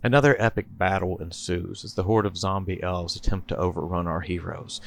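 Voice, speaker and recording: A man's voice: low-pitched, steady tone, fairly quick, gravelly, slight background noise. A man and podcast host reading out a comedy story in a playful storytelling manner. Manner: playful storyteller, chuckling between bits.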